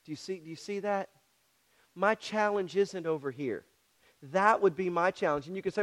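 Brief: male pastor, high pitch, direct and challenging sermon delivery. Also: moderate pace, a bit bright. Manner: direct, repetitive and challenging, talks to the congregation.

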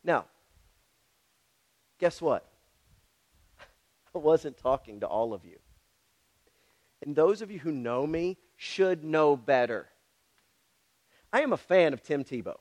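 Brief: male pastor, high pitch, direct and challenging sermon delivery. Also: lively intonation, takes it slowly, long pauses, a little mellow. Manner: direct, repetitive and challenging, talks to the congregation.

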